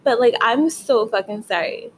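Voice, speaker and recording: A young woman records a late-night vlog from her bedroom, her fairly high voice at normal speed over a low-quality recording with a bit of hiss or hum. Tired but wired, she rambles and swears, saying "like" constantly.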